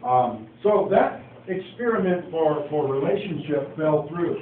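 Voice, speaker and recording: A man's voice: on the high side, animated, measured pace, narrow, tinny audio. Folksy male preacher, echoey phone recording. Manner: folksy storyteller, acting out dialogue with asides. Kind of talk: informal Bible teaching. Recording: echoey, distant phone recording with faint noise.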